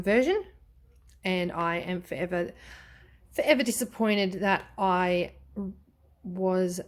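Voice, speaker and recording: A woman with an Australian accent chatting enthusiastically through a tarot deck review, full of ums and quick self-corrections. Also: mid-range voice. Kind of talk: casual tarot flip-through vlog.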